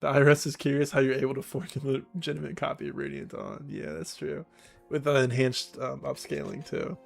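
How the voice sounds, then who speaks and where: A man's voice: mid-range voice, steady tone, fairly quick, gravelly, soft background music. A man streaming a video game, cracking jokes between dialogue lines. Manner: joking asides between read lines. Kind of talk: casual gameplay commentary.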